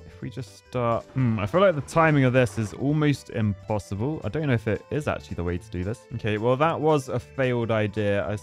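A man in his thirties talks through a bridge-building game in a playful, chatty way, thinking aloud and jumping into excited yelps. His voice sits at an ordinary middle pitch, with faint music playing under him. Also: fairly quick, few pauses. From Britain. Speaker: gaming video host.

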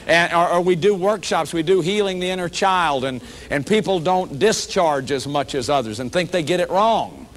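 With a slightly high, expressive voice, the man talks at a moderate pace with few pauses, over slight background noise. His public lecture on shame and recovery is earnest and conversational, full of repetition and "you see" aimed at the audience.

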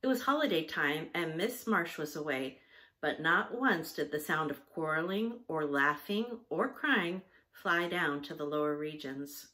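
Woman reader, patient and teacherly, unhurried storybook delivery, lower voice. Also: animated, bright, forceful tone. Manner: patient, teacherly, spells out words. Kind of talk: storybook read-aloud with spelling breaks.

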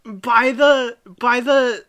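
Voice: mid-range voice, fairly even intonation, extremely slow, fairly bright tone, slight background noise. A podcast co-host rambling casually about a children's book, giggly and sweary. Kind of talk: casual book club chat.

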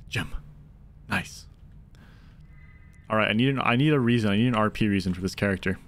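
A man's voice: lowish voice, normal speed, fairly bright tone, slight background noise. A man streaming a video game, giving chatty, casual commentary and thinking aloud while he talks to his viewers. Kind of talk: casual commentary over gameplay.

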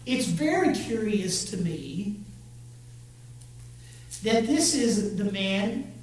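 Man preaching in a very echoey church. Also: sits high. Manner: expressive, talks straight to the congregation and urges them to join in. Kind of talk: sermon. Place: church sanctuary. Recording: very echoey church, voice from far off the mic, faint hum.

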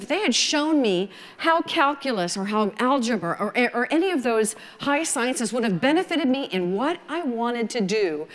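A woman in her sixties with a Southern American accent, telling her story at a photography conference in a folksy, animated way. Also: fairly high pitch, big-room sound. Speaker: photography speaker. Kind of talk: conference talk.

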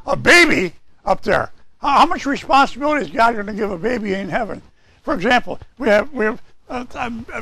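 A man's voice: very high voice, gravelly, fairly bright tone, no room sound. A male pastor preaching a sermon, emphatic and repeating his key phrases.

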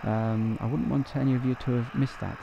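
A man from the north of England hosting a live stream, chatting excitably with lots of fillers and laughs. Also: medium pitch, a little fast, creaky, muffled recording, background noise. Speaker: livestream host. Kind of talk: casual live chat reading viewer comments.

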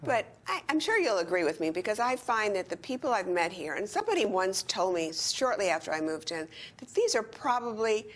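A woman's voice: mid-range voice, sing-song. An older woman chatting enthusiastically as an interview guest in a retirement community. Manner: chatty and enthusiastic, quick bursts. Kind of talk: casual chat.

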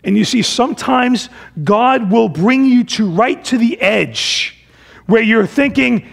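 A male pastor preaching a sermon, swinging dramatically between loud emphasis and hushed, low phrases, and acting out people's complaints in a casual voice. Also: slow, gravelly. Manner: acts out the Israelites' complaints in a casual voice.

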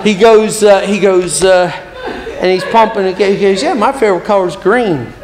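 A man's voice: sits high, normal speed, a crowd in the background. A man preaching as an evangelist, telling stories animatedly and acting out both sides of each conversation. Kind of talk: sermon storytelling. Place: church hall. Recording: long church hall reverb.

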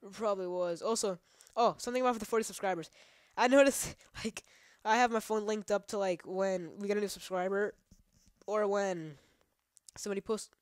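A woman's voice: medium pitch, steady tone, fairly quick, clear, resonant tone, no room sound. Rambling, foul-mouthed woman gamer, dry sound. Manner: rambling, profane, many fillers; trash-talks the game. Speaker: gaming channel host. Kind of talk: casual let's play commentary.

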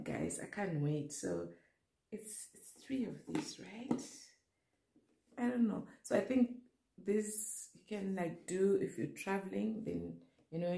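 Young woman vlogger, gushing unboxing chat, unhurried delivery, echoey room. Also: fairly low pitch, vocal fry. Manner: gushing, excited, talks straight to viewers. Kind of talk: casual unboxing vlog. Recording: echoey room with faint noise.

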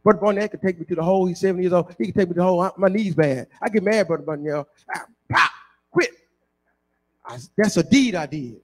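A man's voice: high-pitched, quick pace, a little mellow. A male pastor preaching a sermon, breaking into a chanting, half-sung climax with repeated refrains.

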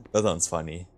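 This man has a lowish voice with a breathy edge. He's streaming a multiplayer game, chatting casually with other players and laughing a lot.

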